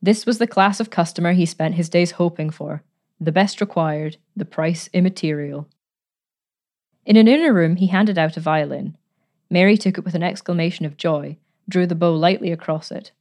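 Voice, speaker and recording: A woman narrating a story in a measured, expressive reading voice. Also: on the low side. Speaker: audiobook narrator. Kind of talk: scripted narration.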